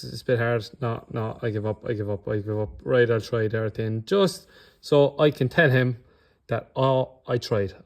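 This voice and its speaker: Intense Irish coach with controlled anger. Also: male voice, mid-range voice. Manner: blunt, swears, keeps checking in with "okay?". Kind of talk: motivational talk.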